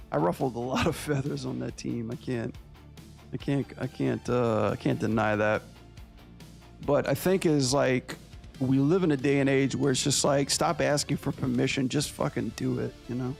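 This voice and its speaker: A man who animates and streams, chatting casually with his viewers in a relaxed, slangy way over faint guitar music. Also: medium pitch, moderate pace, gravelly. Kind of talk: casual livestream chat.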